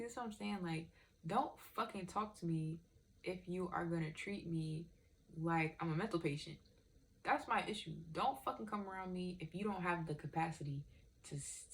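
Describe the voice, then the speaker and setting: A young woman vlogger in casual, candid chat, rambling and swearing freely. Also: sits low.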